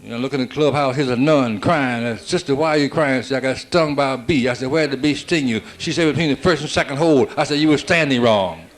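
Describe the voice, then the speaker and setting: A man doing a stand-up comedy routine, rattling off one-liners built on quick "I said, she said" exchanges. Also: mid-range voice. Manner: rapid-fire joke telling with "I said, she said" setups.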